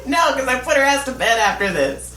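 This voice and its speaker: A middle-aged woman co-hosting a podcast speaks a little fast in a high-pitched voice, telling a comic story with plenty of laughter and free swearing. She's animated and casual, recorded in an echoey room with the mic at a distance and faint noise.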